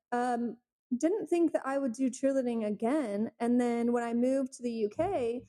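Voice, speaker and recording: A Texan woman in her thirties chats on a podcast from her couch at home. Her voice sits a touch high yet sounds mellow and warm. A slight lisp softens her direct, storytelling delivery. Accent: Texan American. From Texas, United States. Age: 30s. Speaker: podcast co-host. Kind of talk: casual chat.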